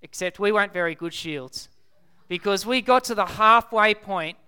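A young Australian man preaching a sermon, stressing key words by repeating them slowly. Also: high voice, pushed and bright, clear, resonant tone.

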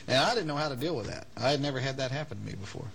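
A man's voice: medium pitch, animated, racing, creaky, a bit bright, husky. A man telling a live anecdote to an audience in a folksy, rambling way, often chuckling. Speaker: storyteller on stage.

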